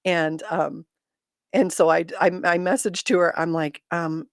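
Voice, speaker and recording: A woman's voice: deep voice, fairly even intonation, a little fast, gravelly, no echo, studio quality. A middle-aged woman hosting a casual livestream chat, speaking candidly with self-deprecating humor and reading viewer comments aloud.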